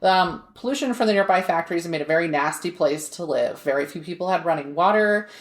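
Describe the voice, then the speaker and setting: A woman with a fairly low voice tells a story to her co-host in a relaxed, chatty way, breaking into small laughs. The room around her is echoey. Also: a little fast. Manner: chatty, laughs mid-sentence. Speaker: podcast co-host. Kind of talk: casual storytelling.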